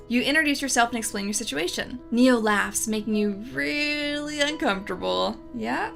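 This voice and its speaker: A woman's voice: high voice, measured pace, creaky, fairly bright tone, faint music behind. A young woman hosting a let's play, reading game text and giving chatty, sarcastic commentary. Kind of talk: casual gameplay commentary.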